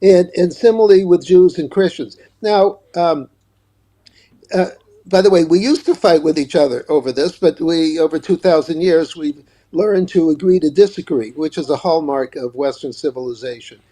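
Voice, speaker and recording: A man's voice: a little high, moderate pace, warm tone. An older man, an author, speaking emphatically as a guest in a political interview and often repeating words as he starts a point.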